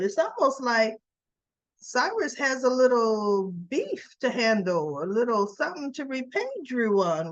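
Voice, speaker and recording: A woman's voice: on the high side, dry recording, highs cut off. A woman casually recapping soap opera episodes, chatty and a little tired, retelling the scenes and asking her viewers questions. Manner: chatty, retells scenes by acting out the characters' lines; asks viewers questions directly.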